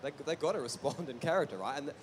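A man, a game master on a live panel, explaining quickly with many fillers. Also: on the high side, background noise.

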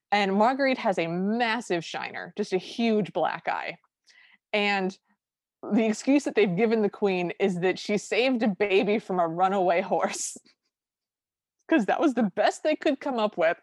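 A woman's voice: mid-range voice, dry recording, clean studio sound. A grown woman co-hosting a podcast, casually recapping a movie scene by scene and acting out quoted lines. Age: adult. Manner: animated storytelling with quoted lines. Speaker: podcast co-host.

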